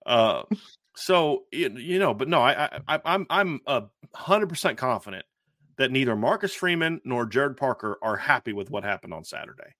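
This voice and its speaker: A man with a mid-range, animated voice hosts a sports podcast, working through football questions at normal speed with a slightly bright tone. His analysis is emphatic and repetitive, and he often restarts his sentences. The recording is dry, with clean studio sound.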